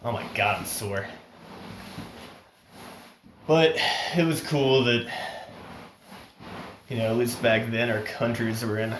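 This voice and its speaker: A man's voice: medium pitch, fairly even intonation, slow pace, long pauses, noisy background. A man telling a story in a casual, rambling way. He chuckles often and restarts his sentences, and his nose is running. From United States. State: runny nose. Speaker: vlogger. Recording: roomy echo.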